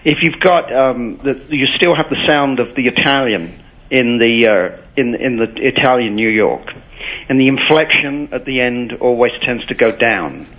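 A playful, self-deprecating English man chats as a guest, and his radio sound comes across a little muffled and dull. His voice sits at an ordinary middle pitch. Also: a bit bright. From England. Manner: self-deprecating, playful, breaks into quick accent impressions. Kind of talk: casual chat.

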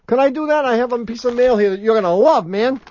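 A man's voice: very high-pitched, fast, a little mellow. A man co-hosting a radio show, bantering and reading listener mail, often breaking into giggling laughter. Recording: dull lo-fi radio broadcast.

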